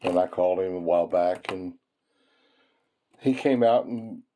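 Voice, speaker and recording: A man with a low-pitched, dark voice talks a little slowly, with slight background noise in the recording. He hosts a coin-roll hunting channel, chatting casually and folksily with viewers as he sorts pennies, chuckling frequently and calling them folks.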